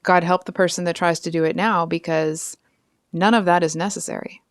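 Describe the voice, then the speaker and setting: A woman's voice: fairly low pitch, steady tone, fairly quick, no echo, studio quality. A woman giving a casual tarot reading, chatty and rambling, with frequent asides and apologies. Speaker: tarot reader.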